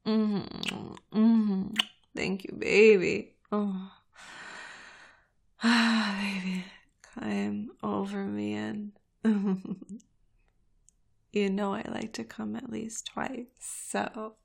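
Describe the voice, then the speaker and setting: Slow, giggly woman with a fry-edged voice. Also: mid-range voice, little pitch movement. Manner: giggly, moaning, breathy and intimate. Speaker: audio performer. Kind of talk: intimate erotic audio role-play.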